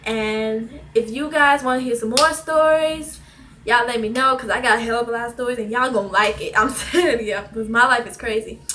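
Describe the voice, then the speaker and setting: A teenage girl casually telling a personal story on her vlog, animated and slangy, often laughing between lines. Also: a little high, brisk. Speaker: vlogger.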